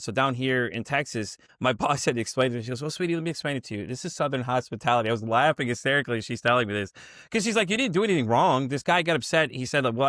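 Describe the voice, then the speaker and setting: Rapid-fire rambling male podcast host. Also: medium pitch, sharp tone, no echo, clean studio sound. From Chicago area, USA. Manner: rapid, rambling talk with many "you know" fillers. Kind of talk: casual conversational interview.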